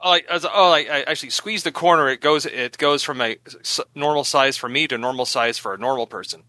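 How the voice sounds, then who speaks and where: A man's voice: medium pitch, brisk, pushed and bright, dry recording. A man playing a tabletop game in a playful, boastful way. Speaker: player. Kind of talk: casual tabletop role-play.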